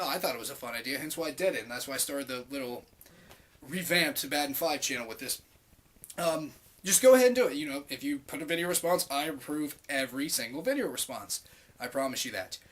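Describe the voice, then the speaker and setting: Profane, animated young man telling a story. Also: fairly high pitch. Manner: profane, animated, acts out quoted voices loudly. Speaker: vlogger. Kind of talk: casual storytelling to camera.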